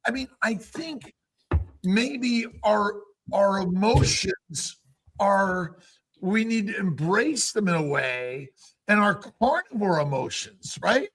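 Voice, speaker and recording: A man hosting a casual chat, musing aloud in a halting way with many restarts. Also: high-pitched, animated, a bit bright. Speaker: host.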